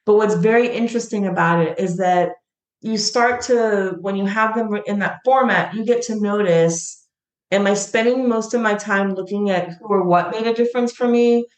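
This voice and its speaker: A woman's voice: medium pitch, normal speed. Middle-aged woman guest, earnest and emotional, recorded in a roomy space. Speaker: guest, founder of a gratitude platform. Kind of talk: heartfelt storytelling in an interview.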